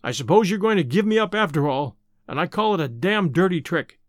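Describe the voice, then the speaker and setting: A man voicing a hunted, hungry man putting on a surly, whining tramp act, talking roughly. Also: sits high, expressive, a little fast, no echo, clean studio sound.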